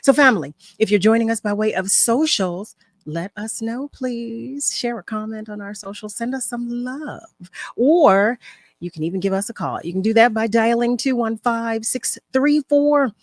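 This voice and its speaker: A woman's voice: fairly high pitch, animated, moderate pace, dry recording. A woman hosting a radio talk show, chatting effusively and repeating phrases with affection. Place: radio studio.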